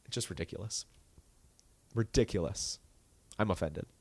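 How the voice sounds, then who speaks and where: A man's voice: deep voice, moderate pace, a little mellow, husky, no room sound. A man co-hosting a podcast, chatting casually and ranting with indignation. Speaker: podcast co-host. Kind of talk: casual chat.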